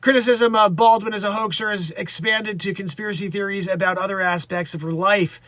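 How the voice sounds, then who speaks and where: A man's voice: high-pitched, steady tone, fairly quick, a bit bright, no room sound. A man hosting a comedic news show, reading stories and riffing in a rambling, self-interrupting, mocking way.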